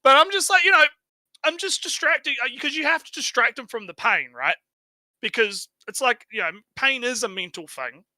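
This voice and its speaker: A man's voice: very high voice, lively intonation, moderate pace, bright, forceful tone, no echo, poor audio. A man co-hosting a stream in casual chat, rambling and tagging his points with "right?" while repeating words as he starts. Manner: rambling, tags lines with "right?". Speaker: stream co-host.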